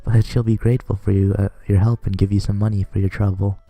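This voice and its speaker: A man voicing a shy, gentle schoolgirl fortune-teller from a game, speaking softly and hesitantly. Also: lowish voice, little pitch movement, quick pace, no echo, faint music behind. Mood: earnest. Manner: soft, hesitant, polite.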